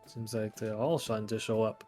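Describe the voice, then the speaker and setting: A man's voice: on the low side, normal speed, soft background music, close to an everyday voice. Man putting on a flamboyant French-accented artificer. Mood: intrigued. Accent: put-on French accent. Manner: theatrical, smooth-talking, flattering. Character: charming male artificer with mechanical arms. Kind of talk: tabletop role-play in character.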